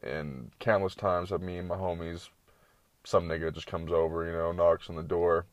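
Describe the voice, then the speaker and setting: A man's voice: deep voice, steady tone, normal speed, no room sound. A young man telling rambling, profane stories in a slangy, casual late-night monologue full of tangents.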